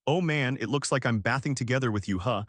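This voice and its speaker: A man's voice: mid-range voice, quick pace, a bit bright, dry recording, natural voice. A man reading a brash clumsy young gamer guy. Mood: blunt.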